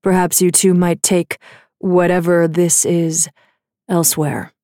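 A man's voice: sits high, flat delivery, unhurried, a little mellow, dry recording, studio quality. A woman reading the part of a brooding young male fae prince, cold, haughty and clipped.

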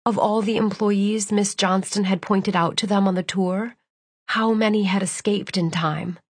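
A woman narrating a novel as an audiobook in a measured, even storytelling manner. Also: medium pitch, slightly rough, no echo. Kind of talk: scripted narration.

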